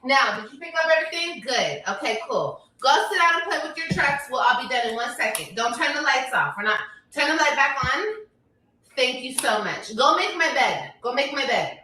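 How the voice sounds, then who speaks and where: A woman's voice: high-pitched, big pitch swings, normal speed, bright, forceful tone, a little hiss or hum. A woman, talking bluntly and emphatically on a casual livestream. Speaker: livestreamer, mother. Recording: echoey room.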